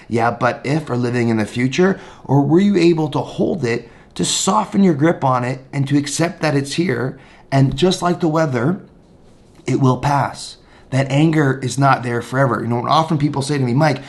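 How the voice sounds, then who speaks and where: A man of ordinary pitch leads a guided mindfulness lesson. He talks in a calm, conversational, encouraging way. When he counts the breaths, he slows down and drops his voice. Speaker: mindfulness teacher.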